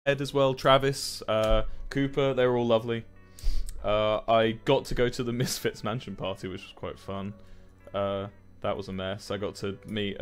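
Rambling, sweary streamer. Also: male voice, medium pitch. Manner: rambling, sweary, animated storytelling. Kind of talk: casual stream chat.

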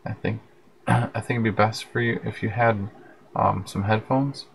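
Late at night, a livestream host chats casually, rambling and friendly but sounding tired, and reads viewer comments aloud. His voice is lowish and gravelly with fairly even intonation and an unhurried pace. The audio is poor, with slight background noise, coming through a plug-in mic on his headphones.

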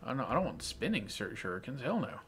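A man's voice: medium pitch, big pitch swings, quick pace, fairly bright tone, slight background noise. Laid-back gamer man muttering menu text. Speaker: let's play co-host. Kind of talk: casual gameplay chat.

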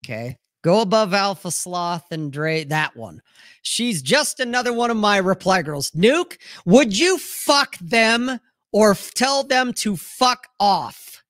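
A man hosting a loose livestream chat, slow and deliberate in his delivery. He talks crudely and bluntly, with plenty of profanity. The sound is dry and close, with no room around it. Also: high voice, lively intonation, fairly bright tone, no room sound. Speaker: podcast host.

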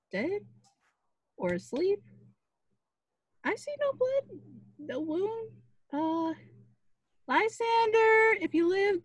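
Cast: woman as a heartsick young woman, high and swooping, slow and emotional, dry close sound. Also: no echo, exaggerated voice. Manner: emotional, expressive verse. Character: lovesick young woman, desperate and self-pitying. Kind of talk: Shakespeare verse reading. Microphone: video call.

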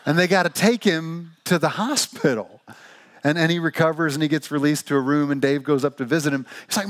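A man from Missouri preaching a sermon, telling a joke story with an animated, playful manner. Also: a little high, a little fast. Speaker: pastor.

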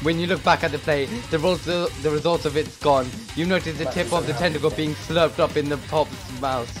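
A man's voice: a little high, steady tone, normal speed. Man reading a dating game over music. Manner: soft, dramatic narration, breaks into laughs. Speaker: game reader.

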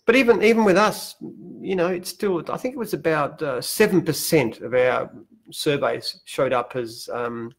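An older Australian man, a company founder, chatting casually on a live stream from his open-plan head office, animated and often restarting his sentences with a chuckle. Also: fairly high pitch, normal speed. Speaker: company founder answering viewer questions.

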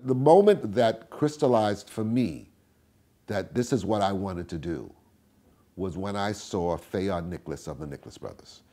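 An older man with a husky, mellow voice tells stories from his past in an interview. His pitch swings widely, rising high and loud, then dropping low and soft as he acts out the people he quotes. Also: normal speed. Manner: animated storyteller, acts out quotes with big swings in pitch and volume. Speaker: interviewee, tap dancer. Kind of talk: storytelling interview.

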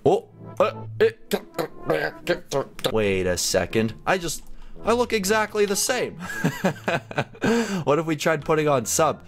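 A man's voice: a little high, very animated, slow, long pauses, soft background music. A young man giving chatty, casual commentary on a game he is playing, often laughing and exclaiming. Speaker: gaming YouTuber.

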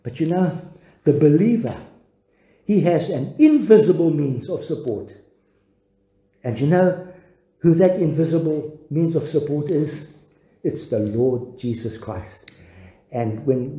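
An older man, a pastor, giving a devotional sermon in an earnest, halting way with frequent restarts. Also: a little high, lively intonation, dark tone, roomy sound, rough recording.

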